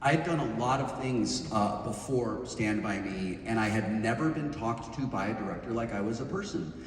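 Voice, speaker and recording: Earnest man speaking in a booming hall. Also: normal speed, a little hiss or hum. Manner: earnest, forceful, wry. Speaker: panel guest. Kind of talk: onstage panel remarks. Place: large hall on stage. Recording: very echoey hall from far off.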